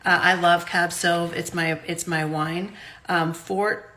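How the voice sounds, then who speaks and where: Chatty woman with a bright voice. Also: on the low side, flat delivery, takes it slowly. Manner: chatty, unscripted, self-deprecating. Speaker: home vlogger reviewing wines. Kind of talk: casual chat. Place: home kitchen.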